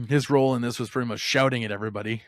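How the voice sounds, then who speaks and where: A man's voice: mid-range voice, steady tone, rapid-fire, no echo. A man hosting a casual movie-review podcast, rambling and swearing as he retells scenes. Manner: rambling, swearing, acts out lines with laughs. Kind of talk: casual chat.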